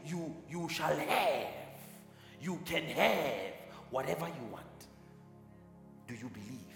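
High-pitched preacher man, fired up, repeats himself, lots of hall echo and a bit of music behind. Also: creaky. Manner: fervent, speaks in tongues, repeats phrases. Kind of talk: sermon. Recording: echoey hall with long reverb.

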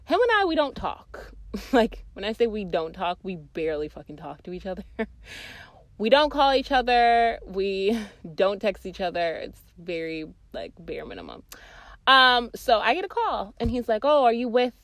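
A young woman hosting a podcast, telling a casual, profane story, swinging between loud bursts and quiet, sheepish asides. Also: medium pitch, sing-song, moderate pace, dry recording. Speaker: podcast host.

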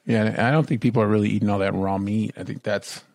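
A man's voice: on the low side, steady tone, fast, gravelly, darkish tone. A man co-hosting a podcast in casual chat, playful and teasing, jumping into goofy bits. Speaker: podcast co-host.

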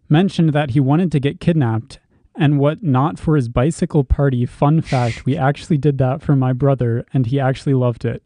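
Young guy reading fan mail on a podcast, mellow voice, dry asides, dry mic. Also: medium pitch, no echo. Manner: wry, reads aloud with asides. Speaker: podcast co-host reading listener emails. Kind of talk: casual chat.

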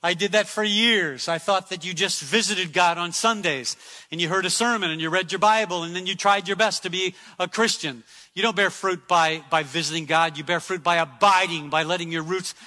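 Preaching at a moderate pace, a man uses a high and very bright voice to hammer repeated phrases. The long hall reverb makes it sound like a church sanctuary.

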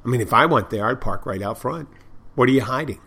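A man's voice: medium pitch, expressive, fast, pushed and bright, husky. A man with an ordinary mid-range voice tells stories from behind the bar in a loose, meandering monologue. He swears freely and often circles back to restart his sentences. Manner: rambling, profane, with many restarts. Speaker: bartender and podcast host. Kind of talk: casual storytelling monologue.

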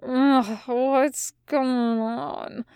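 A woman voices a hungover male demon, drawling and bleary, his words slow and slurred. He sounds worn out and bewildered, recorded close with a dry sound for a fan audiobook. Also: high-pitched, no room sound. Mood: confused.

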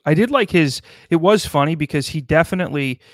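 A man's voice: on the high side, lively intonation, no echo. Profane riffing man, dry close mic. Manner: riffing, profane, does quick mock voices. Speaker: podcast co-host. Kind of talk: casual comedic chat.

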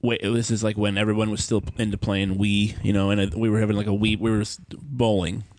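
A man co-hosting a podcast, telling stories in a casual chat, laughing often and acting out quotes in a high voice. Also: flat delivery, a little fast, a little mellow, no echo. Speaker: podcast co-host.

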